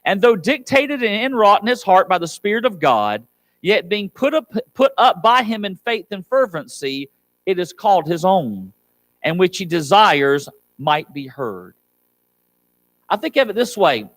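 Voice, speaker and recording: Emphatic high-pitched preacher, dry sound. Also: male voice, very animated, a little slow, no echo. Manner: emphatic preaching with acted-out quotes and a wide swing between loud and soft. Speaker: pastor. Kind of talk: sermon. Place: church sanctuary.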